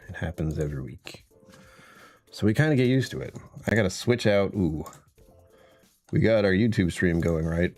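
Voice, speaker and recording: Deep-voiced man rambling through a livestream. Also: a little mellow. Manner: rambling, chuckles often, greets chat by name. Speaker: live streamer hosting his own show. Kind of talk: casual livestream chat.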